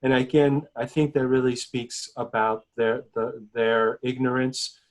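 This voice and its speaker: A man from the New York metropolitan area, speaking as a journalist guest in a video call panel, measured, often repeating words as he starts a point. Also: mid-range voice, level tone.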